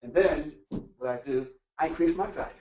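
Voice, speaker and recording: Guy giving a stress talk, voice sits a bit high, mic kinda far off, dull lo-fi sound. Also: fairly quick. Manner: animated, acts out quoted voices and asks rhetorical questions. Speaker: workshop presenter. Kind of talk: motivational workplace talk. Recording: echoey room, distant mic, dull lo-fi sound.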